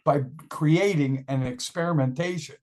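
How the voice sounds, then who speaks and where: A man's voice: on the high side, normal speed, darkish tone. An older man, a musician being interviewed, telling a rambling story and often laughing and acting out what people said. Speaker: musician guest.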